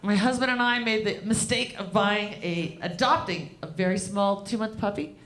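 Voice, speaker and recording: Woman doing standup, dry deadpan delivery, swears a lot, mid-pitched voice, talks back to the crowd. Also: moderate pace. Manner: deadpan, profane, riffs with the crowd. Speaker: stand-up comedian. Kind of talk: stand-up comedy set.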